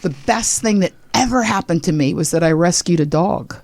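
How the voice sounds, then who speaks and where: A woman's voice: on the low side, moderate pace, dry recording. A woman in her sixties, a comedian telling a story as a podcast guest, acting out the people she quotes. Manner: animated, acts out quoted people.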